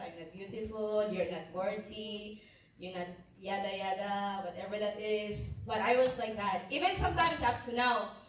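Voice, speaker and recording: A Filipino-accented woman giving an earnest, confessional personal testimony at a youth retreat, searching for words as she speaks. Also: sits high. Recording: echoey hall, mic far off.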